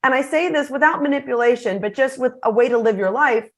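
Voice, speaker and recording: Energetic middle-aged woman speaker. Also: sits high, fast talker. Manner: energetic, animated storytelling. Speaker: guest speaker. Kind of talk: podcast interview.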